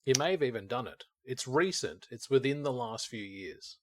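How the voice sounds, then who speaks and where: A man's voice: mid-range voice, expressive, moderate pace, background noise. A man co-hosting a podcast, rambling casually and acting out his own thoughts as he talks. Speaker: podcast co-host. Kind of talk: casual chat.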